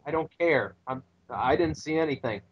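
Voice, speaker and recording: A man's voice: fairly high pitch, normal speed, muffled recording, a little hiss or hum. A man co-hosting a wrestling podcast, recapping matches in a laid-back, hesitant way. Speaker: podcast co-host. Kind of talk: casual wrestling recap chat.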